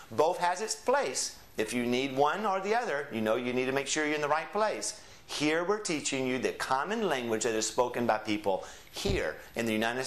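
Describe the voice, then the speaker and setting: A man's voice: on the high side, fairly bright tone. A man explaining a Spanish course in a chatty, explanatory way, dropping in Spanish phrases as examples. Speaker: Spanish teacher. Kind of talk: promotional course lesson.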